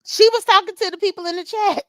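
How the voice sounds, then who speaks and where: This vlogger has a very high-pitched, somewhat bright voice and talks a little fast in a dry recording. Chatting casually while she gets ready in the morning, she recaps livestream drama, laughs frequently, and names commenters as she talks to them.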